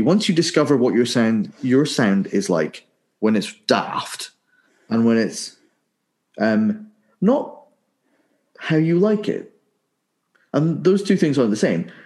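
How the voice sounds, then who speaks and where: A man coaching singing in a relaxed, conversational way. He throws out rhetorical questions and hums little warm-up phrases. His pitch swings freely up and down. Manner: animated, rhetorical questions, sings vocal warm-up syllables. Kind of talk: casual conversational explanation.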